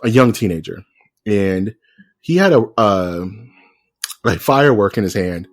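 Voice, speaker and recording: A man's voice: on the low side, lively intonation, measured pace. A man co-hosting a podcast in loose, joking casual chat, with many restarts. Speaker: podcast co-host.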